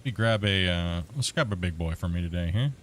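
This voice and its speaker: A man's voice: low voice, fairly quick. A man hosting a gaming livestream, rambling casually and chuckling as he talks to his chat.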